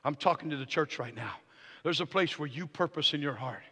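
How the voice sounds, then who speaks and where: A man preaching a charismatic sermon as guest speaker, swinging from hushed talk to shouted declarations and telling stories with quoted dialogue. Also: a little high, fairly quick, slightly rough. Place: church sanctuary. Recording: long hall reverb of a church.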